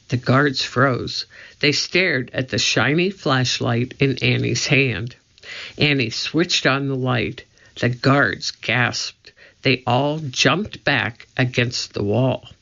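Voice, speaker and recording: A narrator reads a children's chapter book aloud, taking each sentence slowly and evenly. The voice has a gravelly edge, and the recording sounds dull and lo-fi. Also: medium pitch, bright, forceful tone. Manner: slow, measured storytelling. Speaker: audiobook reader. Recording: muffled lo-fi recording.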